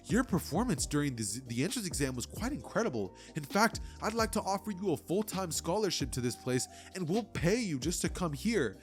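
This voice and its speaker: A man's voice: fairly high pitch, big pitch swings, a little fast, few pauses, faint music behind, voice pushed up. A man voicing a polite, formal school principal who speaks in a courteous, slightly grand way.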